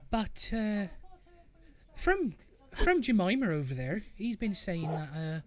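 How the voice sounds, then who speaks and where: A game master voicing an excitable, motherly talking bush who calls people petal and dearie, with a put-on accent that keeps drifting. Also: mid-range voice, normal speed. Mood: gossipy. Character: chatty excitable female flowering bush. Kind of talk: tabletop role-play character voice.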